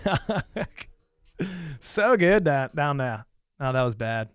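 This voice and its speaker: A man co-hosting a podcast, jokey and upbeat, thanking guests and reading out shout-outs. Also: medium pitch, big pitch swings, slow pace, clean tone, no room sound. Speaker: podcast co-host. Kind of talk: casual podcast chat with sign-offs.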